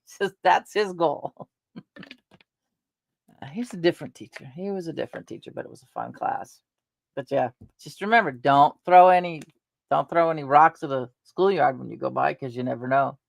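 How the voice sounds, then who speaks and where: A woman's voice: deep voice, moderate pace, creaky, no echo. A middle-aged woman chatting casually to her viewers, rambling through personal stories and laughing along the way. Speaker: vlogger.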